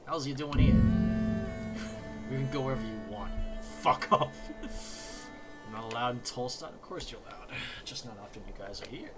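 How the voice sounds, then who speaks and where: A man's voice: medium pitch, quick pace, hardly any pauses. A man playing through a game demo, reading its text aloud and reacting with laughs and swearing. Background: loud game music.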